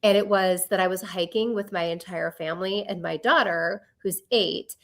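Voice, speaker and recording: A woman in her forties co-hosting a podcast, telling stories in an animated way and acting out her own quotes. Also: lowish voice, normal speed. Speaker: podcast co-host. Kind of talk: casual chat.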